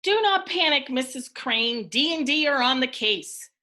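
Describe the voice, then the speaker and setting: An eager young boy detective from a children's storybook, keen and reassuring, as a woman teacher reads his lines. The voice sits high and bright, and it moves at an unhurried pace. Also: animated, exaggerated voice.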